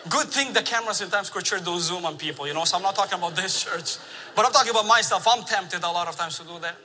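Bright-voiced man preaching in a hall. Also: high voice, fast. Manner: animated storytelling with laughs. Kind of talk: sermon. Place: large church sanctuary. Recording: long reverb of a large church hall.

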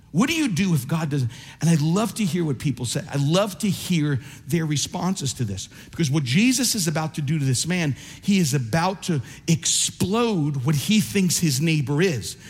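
Man, pastor preaching, high voice, animated, echoing church hall. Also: breathy edge. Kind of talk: sermon. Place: church sanctuary.

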